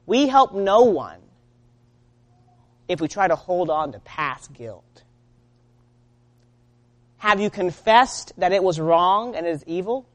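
A woman preaching a sermon in an earnest way. She moves between loud urging and quiet, low-spoken lines.

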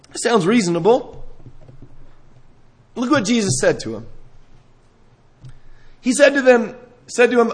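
A man preaching a sermon, reading scripture and talking it through, rising to emphatic peaks and dropping low. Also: very animated, measured pace, long pauses, husky. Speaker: pastor.

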